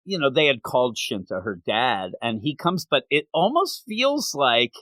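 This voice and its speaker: A man's voice: medium pitch, sing-song, normal speed, pushed and bright, no room sound. A man co-hosting a manga review podcast, retelling the story in casual chat and acting out the characters' lines.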